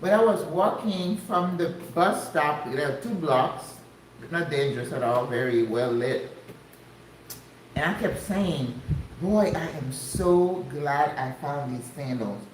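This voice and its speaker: An older woman from the United States chatting casually to her viewers, exclamatory and quick to laugh. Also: deep voice, lively intonation, a little hiss or hum. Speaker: vlogger. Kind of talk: casual chat. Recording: echoey room.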